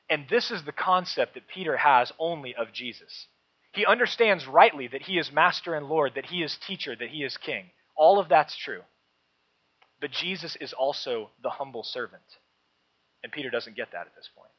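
A man's voice: expressive, normal speed, breathy edge. Emphatic preaching man, dull lo-fi sound. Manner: emphatic preaching, dropping to soft low asides. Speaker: pastor. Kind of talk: sermon. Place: church.

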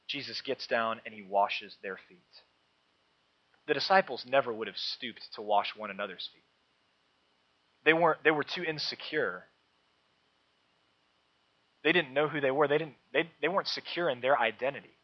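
A man preaching a sermon to a congregation, emphatic and rising, then dropping into soft low asides. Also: animated, moderate pace, long pauses, husky. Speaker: pastor. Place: church. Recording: dull lo-fi sound.

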